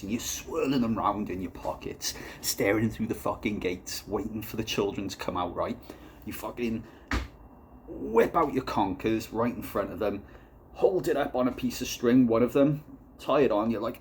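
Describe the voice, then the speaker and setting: Low-voiced guy rambling and swearing through a beer review, deadpan. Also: a little hiss or hum. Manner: rambling, profane, deadpan storytelling. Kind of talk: casual comic vlog.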